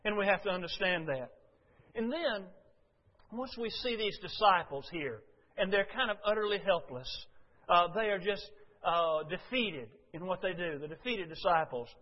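A man preaching a sermon, building to loud, impassioned bursts when he quotes Jesus. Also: high-pitched, expressive, normal speed. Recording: dull lo-fi sound with long hall reverb.

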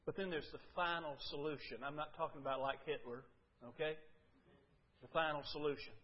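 An older male preacher, delivering a sermon that moves between loud, fervent pleas and quiet, low confiding talk. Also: steady tone, fairly quick. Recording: dull lo-fi recording.

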